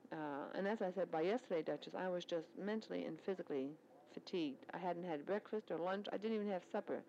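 A woman's voice: on the low side, quick pace, warm tone, highs cut off, slight background noise. A woman recording a spoken letter, chatting in a rambling, storytelling way about her work at a military service club.

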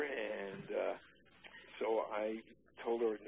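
Older man, low voice, halting storyteller, dry humor, faint background hiss. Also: low-quality recording. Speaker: interviewee. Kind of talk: oral history interview.

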